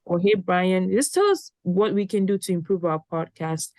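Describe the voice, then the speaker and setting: A woman's voice: fairly low pitch, expressive, moderate pace, a little mellow, no echo. A young woman in her twenties co-hosting a casual podcast, a little tired and rambling, with frequent restarts. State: tired, yawning. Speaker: podcast co-host.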